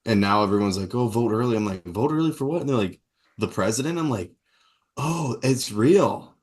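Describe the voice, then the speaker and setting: A man's voice: on the low side, fast talker. A man co-hosting a podcast, making crude jokes in casual chat. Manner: crude, joking interjections. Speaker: podcast co-host.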